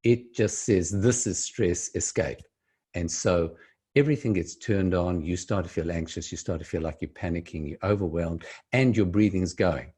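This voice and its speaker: A man explaining breathing in a slow, measured way, sometimes dropping to a soft, low voice. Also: husky. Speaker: speaker giving breathing advice. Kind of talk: calm explanatory talk to camera.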